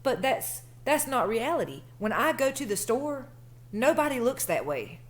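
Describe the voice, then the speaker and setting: A woman's voice: on the high side, sing-song, moderate pace. A woman in her thirties telling a personal story in a chatty, colloquial way. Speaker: vlogger. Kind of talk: casual storytelling.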